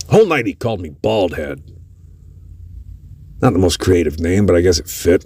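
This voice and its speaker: A man's voice: sits low, animated, moderate pace, pauses often, warm tone, breathy edge, no echo. A man hosting a podcast, telling a story in a casual, profane way with lots of cursing. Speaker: podcast host.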